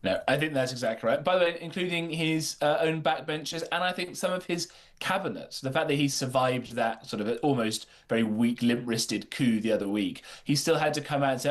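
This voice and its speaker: A male political commentator talks on a radio show. His voice sits in the middle range, and he builds his points steadily with a wry edge. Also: medium pitch. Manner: measured, wry, argumentative. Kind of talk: talk radio political discussion.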